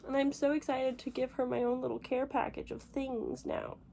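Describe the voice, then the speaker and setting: A young woman from the United States, a book vlogger chatting casually and gushing emotionally, rambling fast with lots of fillers while teary. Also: sits high, fairly even intonation, creaky, dark tone, a little hiss or hum. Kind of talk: casual vlog chat.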